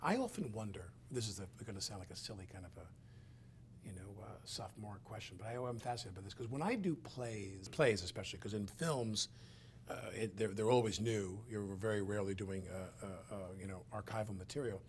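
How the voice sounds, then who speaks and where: A man's voice: lowish voice, brisk, slight background noise. Middle-aged male host telling stories. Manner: rambling storyteller, acts out scenes with many fillers. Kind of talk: conversation.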